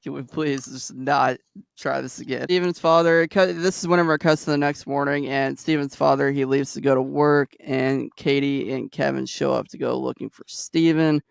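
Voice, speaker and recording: A man co-hosting a podcast, recapping a movie in casual chat, animated and laughing often. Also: mid-range voice, normal speed, creaky, clear, resonant tone, dry recording, studio quality. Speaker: podcast co-host.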